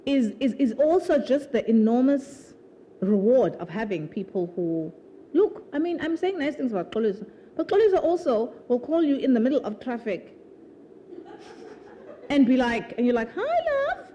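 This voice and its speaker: A woman's voice: fairly high pitch, lively intonation, normal speed, dark tone, a little hiss or hum. A woman author speaking at her own book launch, chatting animatedly before a live audience, laughing often and restarting sentences with repeated words. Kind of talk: conversational talk at a live event. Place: live festival event with an audience.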